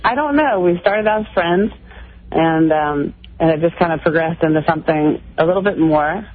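A woman's voice: sits low, moderate pace, dry recording. Hesitant woman caller on tinny phone line. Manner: hesitant, filler-heavy. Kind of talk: call-in radio conversation.

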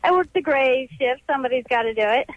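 A woman's voice: high-pitched, animated, quick pace, no echo, highs cut off. A woman in her twenties calling a radio show, polite and hesitant with frequent fillers. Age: 20s. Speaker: caller. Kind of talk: call-in radio question.

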